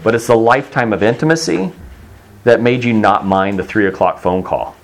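A man's voice: lowish voice, moderate pace. A middle-aged man from Texas preaching a sermon in a conversational, storytelling way, acting out the voices he quotes.

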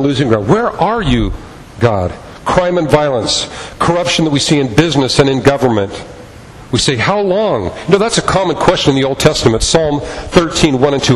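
A man's voice: on the high side, sing-song, normal speed, big-room sound, poor audio. A man preaching a sermon as pastor, impassioned and repetitive in his cadence.

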